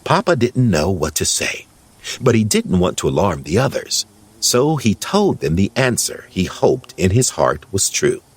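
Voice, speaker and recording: Slow, lively male storyteller. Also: deep voice, breathy edge. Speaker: narrator. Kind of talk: audiobook narration.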